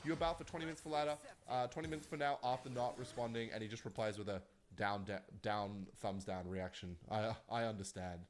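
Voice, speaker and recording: A man hosting a casual online drama commentary, talking in an animated, chatty way and laughing often. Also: mid-range voice, fast talker, few pauses, slight background noise. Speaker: commentary vlogger.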